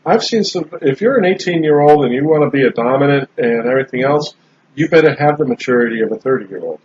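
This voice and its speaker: A man in casual podcast chat, talking in a relaxed, rambling way with frequent restarts. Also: mid-range voice, fast. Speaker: podcast host. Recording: slightly dull lo-fi sound with faint background noise.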